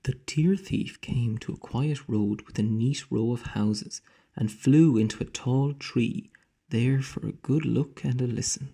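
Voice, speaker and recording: Man reading a kids story real slow, gravelly dark voice, keeps whispering bits. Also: medium pitch. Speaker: teacher reading aloud. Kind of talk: storybook read-aloud.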